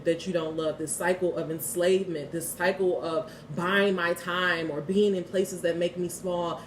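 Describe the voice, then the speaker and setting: A woman in her thirties giving a casual spiritual card reading and prayer, candid and quick to swear and laugh. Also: on the low side, a little hiss or hum. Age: 30s. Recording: echoey room, heard from a distance.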